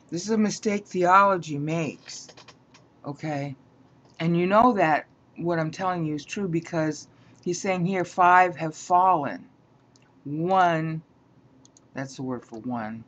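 Woman Bible teacher, slow and pedantic, repeats herself to drive points home, muffled lo-fi audio. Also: low voice. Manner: pedantic, repeats points, checks in with "all right?". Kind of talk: slow explanatory lecture. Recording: dull lo-fi sound.

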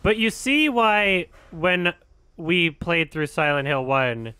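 A man's voice: fairly high pitch, slow pace, sharp tone, smooth, dry recording. A man streaming a horror game, chatting casually and bantering in a wry, teasing way. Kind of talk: casual let's-play commentary.

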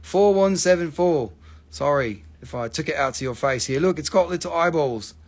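A man's voice: a little high, lively intonation, normal speed. A man hosting a live crystal sale, rambling and joking as he swears freely and talks to viewers by name. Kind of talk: casual live sales pitch.

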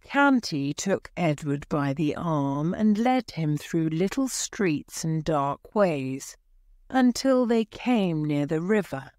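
Woman narrator for a learner audiobook, very slow and deliberate, animated pitch, low voice. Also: dry recording, clean studio sound. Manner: clear, deliberate storytelling with lively pitch.

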